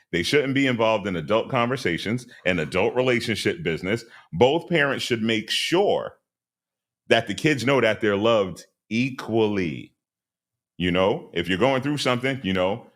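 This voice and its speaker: Low-voiced man sounding off on a podcast. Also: fairly bright tone. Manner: emphatic, preachy, acts out quoted people in a raised voice. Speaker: podcast host. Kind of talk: casual commentary podcast.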